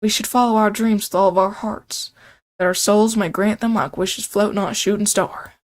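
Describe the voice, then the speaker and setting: A woman voicing an older male colonel chef in a game, with a put-on accent and slow, grand, self-important storytelling. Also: medium pitch, steady tone, lightly acted. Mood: dramatic. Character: hearty old male fast-food colonel chef, dreamy and self-centered.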